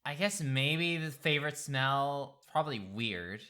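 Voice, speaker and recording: Slow, hesitant tabletop player. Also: medium pitch, lively intonation, pushed and bright. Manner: hesitant, thinking aloud. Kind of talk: casual play at a tabletop game.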